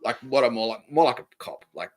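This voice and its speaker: A man's voice: medium pitch, animated, fast talker, soft background music, poor audio. An Australian man hosting a podcast, rambling through a live monologue, swearing constantly and chuckling between thoughts. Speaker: podcast host.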